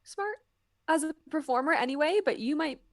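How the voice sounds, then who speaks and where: A woman guest on a podcast, an animated storyteller with quick asides, chatting casually about her work as a cruise ship dancer. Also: on the low side, recorded from a distance. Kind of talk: casual podcast interview chat.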